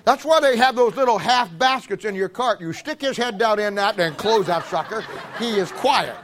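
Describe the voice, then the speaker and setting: A male preacher with a high voice delivers a sermon in an animated, joking way. He stammers over restarts and acts out little scenes as he goes. His tone is bright and forceful throughout. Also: normal speed.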